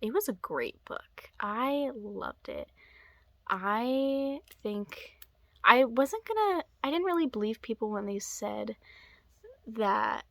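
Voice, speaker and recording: A young woman talks through a book review at an unhurried pace, rambling from thought to thought and slipping into hushed whispered asides. Her voice sounds close and dry, with no room echo. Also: fairly high pitch, animated, creaky. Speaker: book vlogger. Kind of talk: casual book-review chat.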